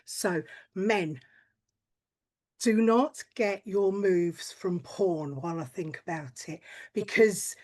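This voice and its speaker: A woman's voice: on the low side, takes it slowly, a little mellow. A woman performing a stand-up comedy set, blunt and crude, with chatty tangents and frequent swearing.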